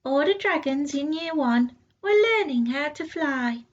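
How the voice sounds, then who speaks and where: A woman reading a picture book aloud in a playful, slow and clear way, on a dull lo-fi recording. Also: high-pitched. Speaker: school reader.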